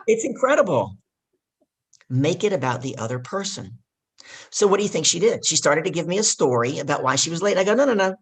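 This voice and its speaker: A woman's voice: deep voice, very animated, a little fast, breathy edge. A woman guest and life coach telling a coaching story with energy, hammering home her key points. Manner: emphatic, repeats key points.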